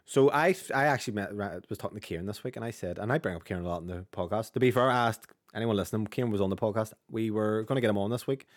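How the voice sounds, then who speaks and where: A man's voice: lowish voice, no echo, studio quality. A man with a Northern Irish accent co-hosting a gaming podcast in casual, sweary banter. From Northern Ireland. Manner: rapid, chatty, sweary banter. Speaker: podcast co-host.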